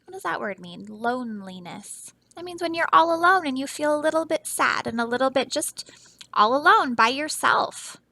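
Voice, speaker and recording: A woman teacher reading a children's picture book aloud in a soft, expressive storytelling voice, often stopping to ask her young listeners questions. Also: sits high, brisk, gravelly, dry recording, rough recording.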